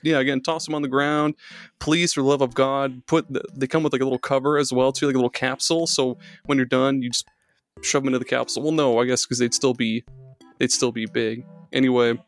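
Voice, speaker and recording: A man with an average-pitched voice co-hosts a casual podcast. He riffs on a silly made-up idea. His talk is loose and full of asides and restarts. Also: dry recording. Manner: spins an absurd joke bit with rambling asides. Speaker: podcast co-host. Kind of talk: casual comedic podcast banter.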